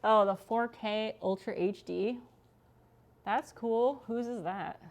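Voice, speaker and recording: A woman's voice: medium pitch, takes it slowly. A young adult woman streamer chatting casually with her viewers as she works, swearing freely. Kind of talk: casual chat with chat while working.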